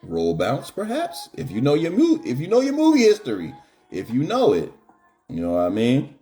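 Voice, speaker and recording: A man's voice: mid-range voice, huge pitch swings, moderate pace, warm tone, faint music behind. A middle-aged man hosting a live stream, joking in slangy casual chat.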